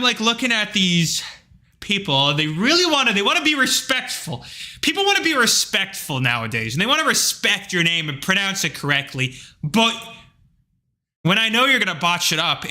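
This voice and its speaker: Man, livestream host, casual rant, rambling and blunt, somewhat high, very bright edgy tone. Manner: rambling, filler-heavy, animated retelling; blunt, with occasional profanity.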